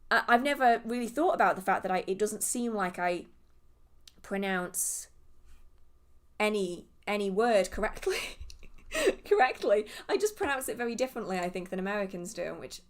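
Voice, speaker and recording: A young woman from southern England, with an animated mid-range voice at a normal speed, hosts a live witchcraft Q&A stream. She answers viewer questions in a chatty, rambling way, often going off on tangents.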